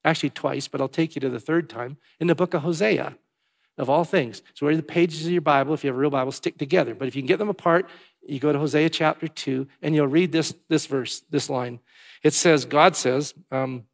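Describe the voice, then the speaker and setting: A man preaching a sermon, swinging between hushed, tender passages and loud, emphatic ones. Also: fairly high pitch, moderate pace. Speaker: pastor.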